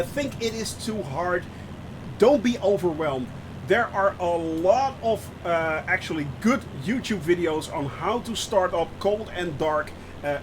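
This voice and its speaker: A man streaming a flight simulator, chatting through his flight with lots of fillers and bursts of excitement. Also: high voice, background noise. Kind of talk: live gameplay commentary.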